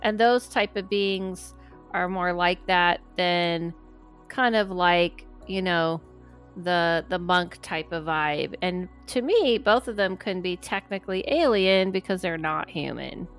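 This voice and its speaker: A middle-aged woman who hosts a podcast and works as a medium chats casually and animatedly, acting out the voices in her stories. Her voice is fairly low, smooth, and slow, with faint music behind.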